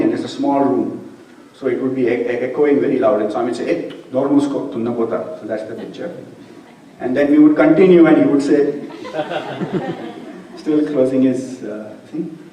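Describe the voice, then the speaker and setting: A man giving a devotional talk, telling personal stories in a relaxed anecdotal way, with light laughter now and then. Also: mid-range voice. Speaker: speaker at a devotional gathering. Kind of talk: storytelling talk with slides. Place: hall at a devotional gathering. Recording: echoey hall, distant mic.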